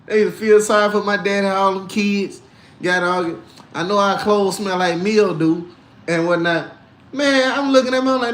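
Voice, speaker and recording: A man hosting a casual livestream, reading chat and telling animated stories while acting out voices and laughing often. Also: sits high, fairly quick, roomy sound.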